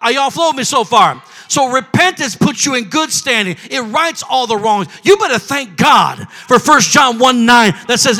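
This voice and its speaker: High, bright-voiced shouting preacher. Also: male voice, expressive, normal speed, hardly any pauses. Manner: preaching with call-and-response, rising to shouts. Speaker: pastor. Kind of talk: sermon.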